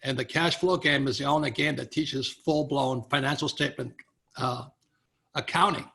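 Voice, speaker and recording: An older man, a guest author in an interview, telling stories in an animated way and acting out what other people said. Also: medium pitch, moderate pace, creaky. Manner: animated storyteller, acts out quoted people, chuckles often. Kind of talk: storytelling in a conversational interview.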